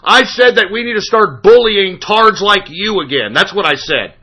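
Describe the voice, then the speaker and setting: A man's voice: high-pitched, expressive, normal speed, a crowd in the background. A man hosting a talk radio show, arguing heatedly with a caller, combative and profane, often talking over him. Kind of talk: heated on-air argument with a caller.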